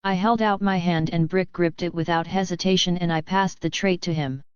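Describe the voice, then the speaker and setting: A woman reading a first-person audiobook in a steady, even way, close to the mic. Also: fairly low pitch, normal speed, clear, resonant tone, no room sound, lo-fi sound. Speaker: audiobook narrator.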